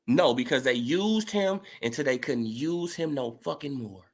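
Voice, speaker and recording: A woman's voice: very deep voice, moderate pace. A woman ranting heatedly in a sports commentary vlog, swearing freely and calling people out. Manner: profane, heated, animated.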